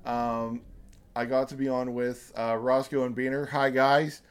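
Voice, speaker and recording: Rambling through a casual chat full of fillers and the occasional profanity, this podcast host in his thirties speaks at an unhurried pace. His voice is medium-pitched, level, and smooth.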